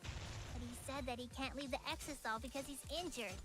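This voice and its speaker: A woman's voice: high voice, steady tone, a little fast, over music, close to an everyday voice. A woman voicing a puzzled, earnest young woman in a video game, full of questions.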